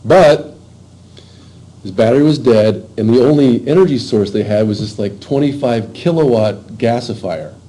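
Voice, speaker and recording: Man lecturing casually with a mellow voice. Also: medium pitch, poor audio. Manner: informal, halting, many fillers and restarts. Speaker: university lecturer. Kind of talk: classroom lecture.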